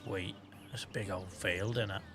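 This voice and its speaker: A man's voice: sits low, steady tone, moderate pace, music in the background. A tired man with a headache, casually chatting to his live-stream viewers while playing, thinking aloud and swearing now and then. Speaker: game streamer.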